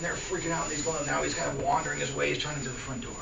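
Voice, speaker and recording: A man telling an animated comic story to listeners, punctuating it with shouted sound effects. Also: a little high, racing, vocal fry. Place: room with listeners. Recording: echoey, distant, noisy amateur recording.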